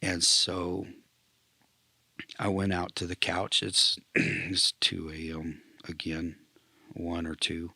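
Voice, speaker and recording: A man, a military veteran, telling an emotional personal testimony, often dropping to a hushed near-whisper and clearing his throat. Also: deep voice, monotone, slow, long pauses, no room sound.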